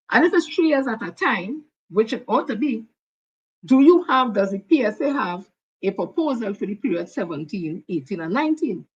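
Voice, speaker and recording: A woman's voice: fairly high pitch, a bit bright, slightly rough, lo-fi sound. An older woman with a Trinidadian accent, hosting blunt, heated political commentary. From Trinidad and Tobago. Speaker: host.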